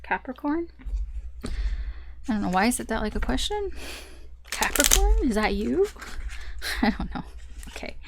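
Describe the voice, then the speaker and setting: A woman's voice: on the high side, sing-song, normal speed, creaky, pauses often, very noisy. A woman tarot reader talking through a casual, rambling reading, often laughing at herself.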